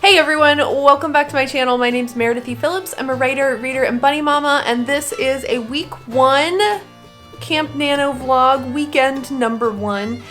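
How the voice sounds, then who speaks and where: Young woman, bubbly and chatty, fairly high voice, laughs easily, faint music underneath. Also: moderate pace, fairly bright tone. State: tired. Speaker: vlogger. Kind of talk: casual chat.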